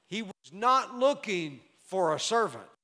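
High-voiced slow preacher, reverberant hall. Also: male voice, sing-song, sharp tone. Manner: measured, emphatic Bible exposition. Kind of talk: sermon. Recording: long reverb of a large hall.

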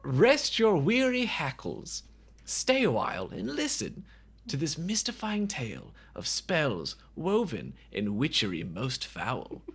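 Hammy old-timey tale-teller with a fake British accent and a husky, swooping delivery, put on by a man. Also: a little high, huge pitch swings, takes it slowly, exaggerated voice. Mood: ominous. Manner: theatrical, archaic phrasing.

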